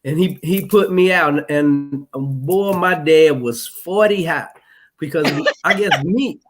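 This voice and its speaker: A man talking as a guest in a casual chat, telling a story slowly with many ums and restarts. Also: on the high side, noisy background. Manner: slow, halting, clears throat, many fillers.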